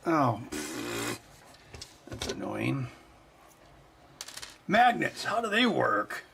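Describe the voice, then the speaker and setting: A man hosting a relaxed livestream while tinkering with electronics, chatting casually and joking at his own expense. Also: mid-range voice, extremely slow, gravelly, noisy background. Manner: self-deprecating, jokey, talks to his cat. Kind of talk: casual chat.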